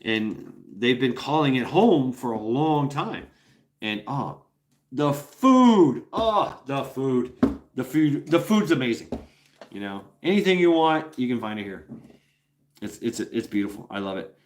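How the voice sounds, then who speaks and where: A man's voice: mid-range voice, lively intonation, normal speed. A man ranting loosely to a livestream audience, swearing freely and tripping over his own words as he restarts sentences. He breaks into short impressions of other people as he goes. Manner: profane, rambling, with many restarts. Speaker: streamer. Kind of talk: casual livestream rant.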